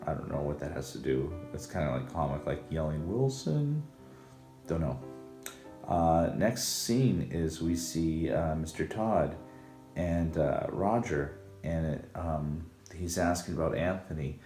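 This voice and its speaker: A man's voice: extremely low pitch, fairly even intonation, measured pace, dark tone. A man casually recapping a TV episode, rambling with many ums and uhs. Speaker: show recap host. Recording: echoey room with music behind.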